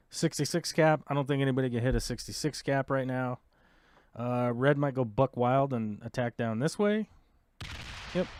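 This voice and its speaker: A man's voice: medium pitch, darkish tone. A man hosting a live stream, talking casually through his moves in a strategy game with wry, sarcastic asides and explaining the controls to viewers. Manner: thinks aloud, wry and sarcastic. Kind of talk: casual play-by-play while playing a strategy game.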